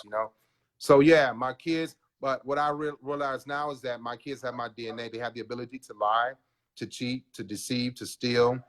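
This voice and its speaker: A man's voice: medium pitch, steady tone, moderate pace, a bit bright. A man in his forties, a podcast guest, telling his story in an earnest, confessional way and calling the host bro. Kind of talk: candid personal interview.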